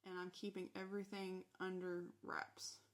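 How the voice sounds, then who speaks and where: A woman's voice: lowish voice, normal speed. Woman telling a candid personal story. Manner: candid, animated retelling with quoted dialogue. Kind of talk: casual storytime monologue.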